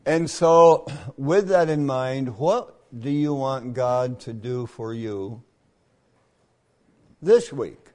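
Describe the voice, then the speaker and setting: Older guy preaching at camp meeting, slow folksy stories, clears his throat a lot. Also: medium pitch, darkish tone.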